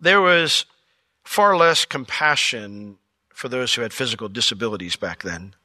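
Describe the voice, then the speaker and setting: A man preaching a sermon as pastor, telling the story with jokes and lively asides. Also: medium pitch, normal speed, no echo. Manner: animated, joking storyteller.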